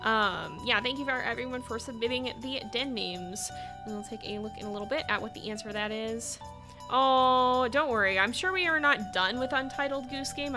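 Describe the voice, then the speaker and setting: A woman streaming a game live, chatting with her viewers and urging her animals along, often breaking into giggles. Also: a little high. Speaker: gaming streamer. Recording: game music under the voice. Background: background game music.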